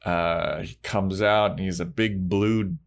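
A man's voice: sits low, fairly even intonation, slow pace, gravelly. A man chatting casually as a podcast co-host, recapping a TV episode with loose, acted-out quotes.

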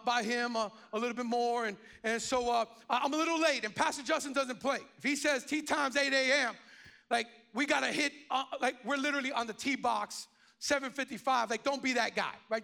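A man in his forties preaching a sermon as pastor, telling a story with lively restarts and repeated words. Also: very high-pitched, gravelly. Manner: animated storytelling with many restarts.

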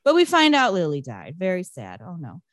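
A woman co-hosting a podcast who recaps a movie casually, with lots of swearing and animated asides. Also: fairly low pitch, a little fast, no echo, clean studio sound. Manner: profane, animated storytelling. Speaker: podcast co-host.

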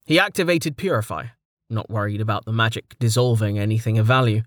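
A man narrating a fantasy webnovel audiobook in a steady, even reading voice. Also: on the low side, fairly quick, dry recording, clean studio sound. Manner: steady, even reading, stat lists read out plainly.

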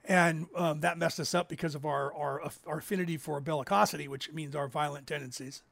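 Gravelly high-voiced man in his fifties. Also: steady tone, fairly quick, a bit bright, dry recording. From California. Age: 50s. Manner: rambling storyteller, acts out others' lines in raised voices. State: raspy from COPD. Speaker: livestream host. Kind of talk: casual livestream chat.

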